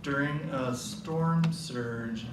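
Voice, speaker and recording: A man presenting at a symposium, reading a story aloud and thinking out loud with the audience in a relaxed way. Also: mid-range voice, drawn-out words. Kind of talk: casual talk with reading aloud. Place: lecture hall. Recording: echoey hall from far off, noisy.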